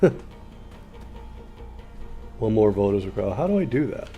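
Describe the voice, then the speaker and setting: A man's voice: lowish voice, big pitch swings, normal speed, mellow, faint music behind. A man chatting loosely while playing a game, full of fillers and restarts, with sarcastic asides. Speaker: gaming commentator. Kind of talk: casual rambling commentary while playing a game.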